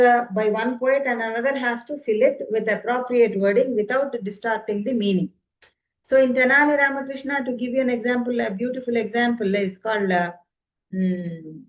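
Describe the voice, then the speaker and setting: A woman's voice: on the high side, poor audio. A woman giving an earnest explanatory talk, full of fillers and rhetorical questions. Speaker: speaker on ancient Indian arts.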